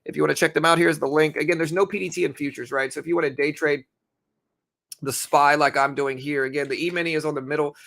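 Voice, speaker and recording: There's vocal fry in this young streamer's somewhat high voice, and he speaks at a quick clip while hosting a trading livestream. He rambles easily, says things twice, fills gaps with filler words, and has the hiccups.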